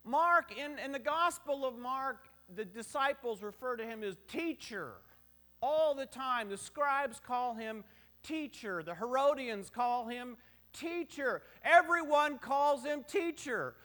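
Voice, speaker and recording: A man's voice: extremely high pitch, slow, pushed and bright. A middle-aged man preaching a sermon in a conversational, joking way, full of rhetorical questions and short on sleep. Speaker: pastor.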